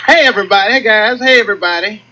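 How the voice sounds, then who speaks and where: A man doing a stand-up comedy set on stage, telling stories with lively acted-out quotes. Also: sits high, very fast, very noisy. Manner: animated storytelling with acted-out quotes. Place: comedy stage with live audience.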